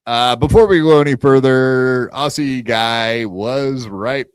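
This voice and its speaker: A man hosting a podcast, rambling along in a loose, profane way with plenty of fillers. His voice sits at an ordinary middle pitch, recorded dry and close with no room sound. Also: slow, smooth, no echo. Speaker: podcast host. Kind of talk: casual podcast chat.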